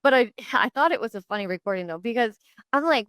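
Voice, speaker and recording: Chatty woman podcast host, smooth voice. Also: a little high, a little fast, dry recording. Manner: chatty, animated retelling with many fillers. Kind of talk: casual storytelling on a podcast.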